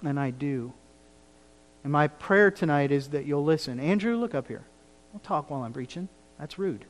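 A man's voice: a little high, expressive, fairly quick, long reverb tail. A male pastor preaching a sermon in an earnest, pleading manner, pressing his points with rising emphasis. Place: church sanctuary.

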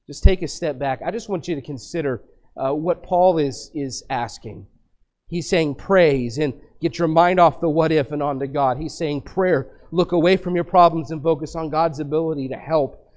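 A man's voice: a little high, moderate pace, darkish tone. A middle-aged male pastor preaching a sermon, asking and answering rhetorical questions with rising emphasis.

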